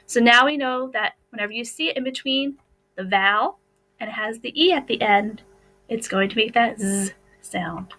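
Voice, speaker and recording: A woman's voice: a little high, moderate pace, bright, forceful tone, soft background music, low-quality recording. A woman teacher with an American accent, explaining a phonics lesson over slides in a patient, step-by-step way.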